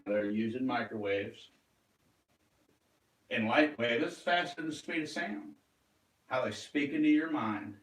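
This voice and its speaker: A man's voice: mid-range voice, far from the mic. Rambling, agitated male vlogger with a mid-range voice, set back from the mic. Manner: agitated, rambling, swearing, flares into loud outbursts. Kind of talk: rambling monologue. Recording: roomy echo, away from the mic.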